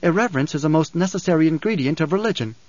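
A man voicing a calm, philosophical young man who speaks in measured riddles in an audiobook. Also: fairly high pitch, dry recording, dull audio.

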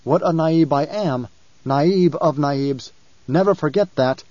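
A man voicing a young god-emperor, calm and imperious, speaking in a measured, commanding way. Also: on the high side, no echo, muffled recording.

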